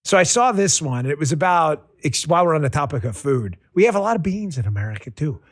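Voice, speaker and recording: Lively, high-pitched joking male podcast host. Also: quick pace. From New York. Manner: animated, joking, rambling asides. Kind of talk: casual political podcast talk.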